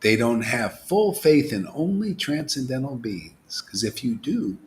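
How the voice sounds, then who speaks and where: Animated man preaching, hushed to loud. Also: medium pitch, unhurried, slight background noise. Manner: asks rhetorical questions, laughs at his own jokes. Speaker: spiritual teacher. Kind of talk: informal devotional sermon.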